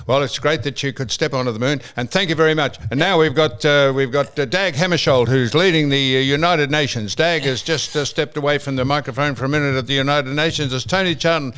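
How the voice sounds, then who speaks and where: A man putting on an older radio interviewer who rushes through his guests in a breezy, chirpy manner. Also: a little high, fairly bright tone, clear, resonant tone, voice pushed up, lightly acted.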